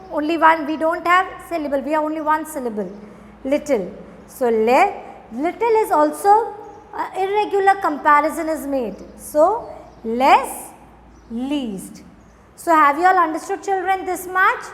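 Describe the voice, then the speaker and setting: A woman's voice: high-pitched, a bit bright, in a large hall. A woman teaching grammar to schoolchildren, drawing out words and often checking if the children understand. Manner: slow, drawn-out, addresses children often. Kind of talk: recorded grammar lesson for children.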